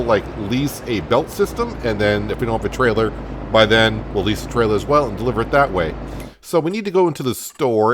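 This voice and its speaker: A man talks through his farm game in an easygoing, chatty way, thinking out loud and pausing on fillers. His voice sits at a middling pitch. A steady noise hum runs under the recording. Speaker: gameplay commentator. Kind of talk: casual let's-play commentary. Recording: noticeable background noise.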